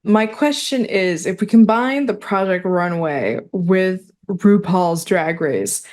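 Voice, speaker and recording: Slow easygoing woman cohost, playful chat. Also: mid-range voice, lively intonation, darkish tone. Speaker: podcast co-host. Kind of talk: casual chat.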